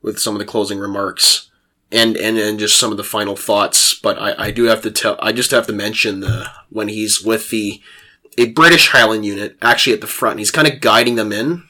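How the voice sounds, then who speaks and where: Lively bright-voiced male podcast host. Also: lowish voice, fairly quick. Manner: animated storytelling, laughs, frequent restarts. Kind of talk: casual chat.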